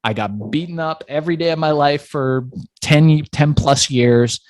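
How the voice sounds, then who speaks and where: A man's voice: a little high, a little slow, no room sound. A man being interviewed, telling a story from his past with energy and acting out the voices of people in it. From Iran. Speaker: entrepreneur guest.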